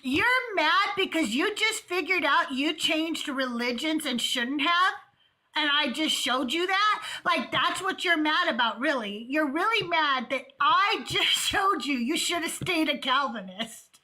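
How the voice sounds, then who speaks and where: A woman with a high, bright voice hosts a call-in show from her home. She tells a story in casual chat, acts out both sides of an argument and swears freely. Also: unhurried. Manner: animated, profane, retells arguments in quotes. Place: home with cats playing.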